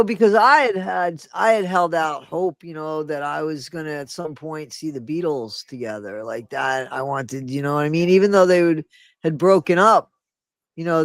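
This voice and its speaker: A podcast co-host in his sixties shares personal memories on a candid talk show, speaking emphatically, swearing casually and interrupting. His voice is fairly high-pitched at a moderate pace, in a dry recording.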